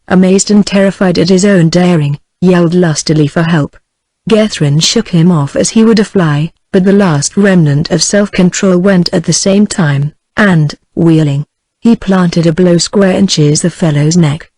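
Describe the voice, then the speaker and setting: A woman's voice: fairly low pitch, dry recording, low-quality recording. Synthetic British woman reading a novel. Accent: British English. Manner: even, evenly paced synthetic reading. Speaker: audiobook narrator. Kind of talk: text-to-speech audiobook reading.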